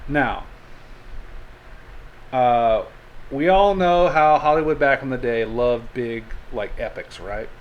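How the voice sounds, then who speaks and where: A man's voice: medium pitch, slow, long pauses, dull audio. A man hosting a podcast, telling stories in casual chat, joking and laughing often. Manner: storytelling, jokey, laughs often. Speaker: podcast host.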